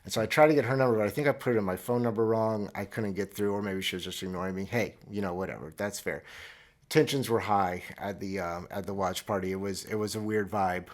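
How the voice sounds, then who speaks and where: A man in his thirties from Florida, hosting a solo comedic podcast monologue in a sarcastic, deadpan, rambling way. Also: fairly low pitch, quick pace. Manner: rambling with restarts, mock-earnest. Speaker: podcast host. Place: traveling abroad, recording alone.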